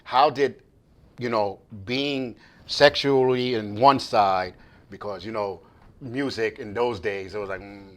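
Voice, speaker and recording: A man hosting a casual interview, laid-back and rambling, with many fillers and soft asides. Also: fairly low pitch, unhurried. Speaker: interview host.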